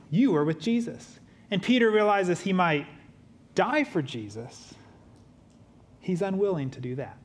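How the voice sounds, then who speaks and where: A pastor preaching a sermon, moving between quiet, low emphasis and lively, humorous, conversational asides. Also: male voice, slight background noise.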